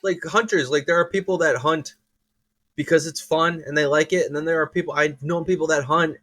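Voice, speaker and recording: A man's voice: a little high, fairly even intonation, brisk, pushed and bright, dry recording. A man co-hosting a podcast in casual chat, joking and swearing, often acting out quoted voices. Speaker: podcast co-host.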